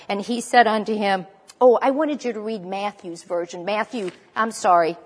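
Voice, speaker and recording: A woman's voice: medium pitch, moderate pace, long reverb tail. A woman preaching a sermon in a conversational way, stopping to correct herself as she goes. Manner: conversational, with restarts and self-corrections.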